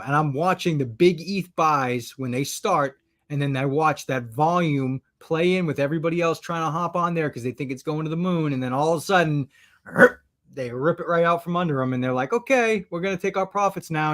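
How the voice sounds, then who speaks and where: A man's voice: on the high side, fairly quick. Easygoing male guest in casual chat. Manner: relaxed, rambling, repeats words.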